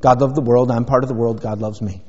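A man's voice: medium pitch, fairly even intonation, quick pace, darkish tone, breathy edge. Middle-aged male pastor, rambling folksy sermon delivery, dull sound with long church reverb. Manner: rambling, folksy, many fillers. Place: church sanctuary.

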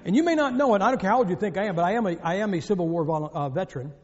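In an echoey hall captured with dull lo-fi audio, a high-pitched man from the northern United States races through a sermon. He's animated, telling jokes and stories with strong emphasis.

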